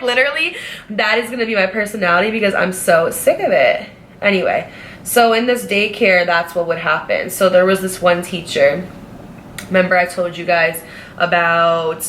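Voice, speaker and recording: A bright, forceful young woman recounting a workplace story in a chatty, animated way with plenty of fillers. A faint hum of noise sits under her voice. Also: lowish voice. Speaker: vlogger. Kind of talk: casual storytime.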